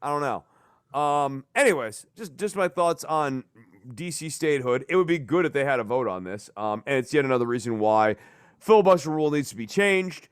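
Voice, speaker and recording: A man hosting a casual political podcast, talking in a rambling, animated way and swearing for emphasis. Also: medium pitch, normal speed, smooth, no room sound, studio quality. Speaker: podcast host.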